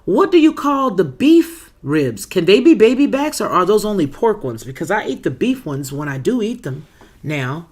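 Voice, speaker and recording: A woman's voice: medium pitch, very animated, moderate pace, darkish tone, husky. A woman hosting a casual livestream, reading viewer comments aloud and greeting people by name in a chatty, folksy way. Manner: talks to viewers as girl, baby and boo-boo. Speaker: livestream host.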